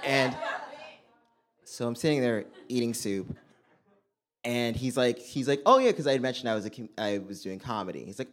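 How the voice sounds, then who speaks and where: A young man telling a stand-up story on a club stage, swinging between loud punchlines and muttered asides. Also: mid-range voice, animated, normal speed. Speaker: stand-up comedian.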